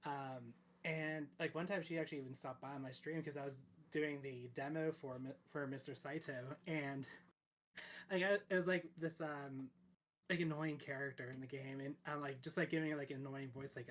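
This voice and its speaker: A man in an easygoing chat about streaming, his voice sitting at an ordinary middle pitch. He rambles and restarts a lot, scattering fillers and laughing often. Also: steady tone, moderate pace, slight background noise. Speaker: streamer guest. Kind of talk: casual chat.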